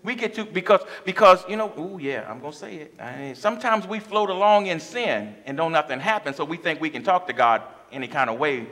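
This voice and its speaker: A man's voice: on the high side, animated, fairly quick, few pauses, pushed and bright. A man preaching a sermon as pastor of his church, impassioned, with call-and-response asides to the congregation. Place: church sanctuary.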